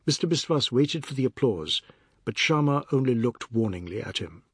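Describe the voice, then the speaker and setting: A man reading a novel aloud as an audiobook narrator, in a measured literary manner. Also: medium pitch, lively intonation, breathy edge, no room sound, clean studio sound. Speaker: audiobook reader. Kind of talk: scripted narration.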